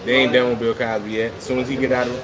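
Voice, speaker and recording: A man co-hosting a podcast, bantering loosely in slang and getting loud when hyped. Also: mid-range voice, flat delivery, racing, a crowd in the background, poor audio. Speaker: podcast co-host. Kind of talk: casual chat.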